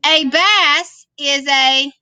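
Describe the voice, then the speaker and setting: A woman's voice: sits high, drawn-out words, bright, forceful tone, no echo. A woman teaching a vocabulary lesson, patiently explaining words and checking in with "okay?". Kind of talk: classroom worksheet lesson. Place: classroom screen recording.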